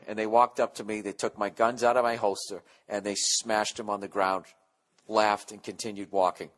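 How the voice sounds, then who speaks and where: A man's voice: on the low side, level tone, normal speed, fairly bright tone. Podcast host, man in his forties; profane, sarcastic, rambling monologue delivery. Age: 40s. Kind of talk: casual comedic monologue.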